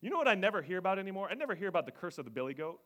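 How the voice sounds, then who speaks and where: A man preaching a sermon as pastor, animated, swinging between loud emphasis and hushed near-whispers. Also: high voice, very fast. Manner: acts out voices of people he quotes, joking.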